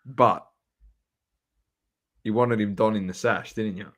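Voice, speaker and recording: A man's voice: fairly low pitch, steady tone, takes it slowly, fairly bright tone. A man with an Australian accent hosting a podcast in casual sports chat, jokey and teasing as he moves through the segments. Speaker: podcast host.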